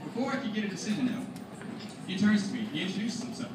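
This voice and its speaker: A man's voice: high-pitched, fast talker, background noise. A teenage boy performing stand-up comedy at a school show, telling stories and acting out his friends' lines. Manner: animated storytelling, acts out friends' lines. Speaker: student comedian. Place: school auditorium with live audience. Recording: echoey hall, distant, loud crowd laughter.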